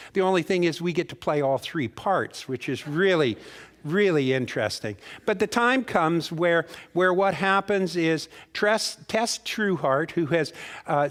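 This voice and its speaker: A man's voice: on the high side, a bit bright. A man giving a guest sermon as a folksy, rambling storyteller, restarting words and putting questions straight to his congregation. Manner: talks directly to the congregation with questions. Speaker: guest minister. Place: spiritual center sanctuary.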